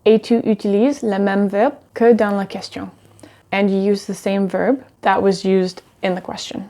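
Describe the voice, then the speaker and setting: A woman from Canada playing a learner in a lesson sketch, playful and expressive. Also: mid-range voice, normal speed. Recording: clear background music.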